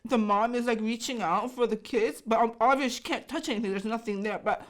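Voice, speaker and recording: A woman's voice: a little high, brisk. A woman in her thirties, a native Korean speaker, giving an emotional, gushing reaction commentary full of fillers. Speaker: YouTube host.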